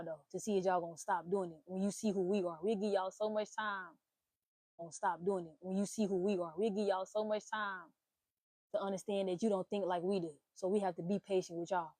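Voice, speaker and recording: A young woman hosting a casual talk stream, giving blunt, profane relationship advice in an animated rant. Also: mid-range voice, dry recording. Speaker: host.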